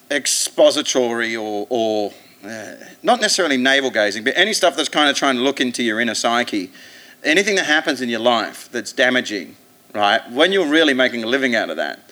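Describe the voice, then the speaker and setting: An Australian man, a comedian guest on a live podcast, telling stories in a profane, animated way and slipping into put-on voices. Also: mid-range voice, moderate pace. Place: theatre stage.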